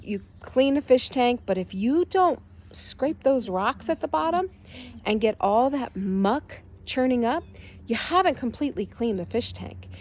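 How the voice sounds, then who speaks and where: A woman's voice: fairly high pitch, darkish tone. An older woman, a spiritual healer, giving a casual and earnest energy update in short, reassuring phrases.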